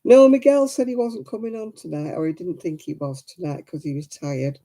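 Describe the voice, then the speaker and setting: A woman's voice: lowish voice, a little fast, warm tone. A woman hosting a casual crafting livestream, sleepy and yawning, chatting with viewers and laughing often. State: drowsy and yawning.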